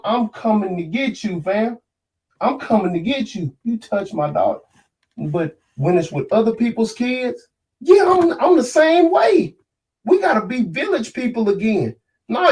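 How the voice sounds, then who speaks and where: A man's voice: high voice, darkish tone. A man ranting on a podcast, angry and preachy, cursing freely as he makes his case. He sits a little back from the microphone, so his voice sounds slightly distant. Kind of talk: heated casual podcast talk.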